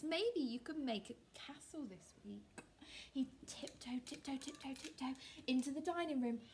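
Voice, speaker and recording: A woman, an early years teacher, reading a fairy tale aloud and teaching young children in an animated, expressive, encouraging way. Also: high-pitched, normal speed.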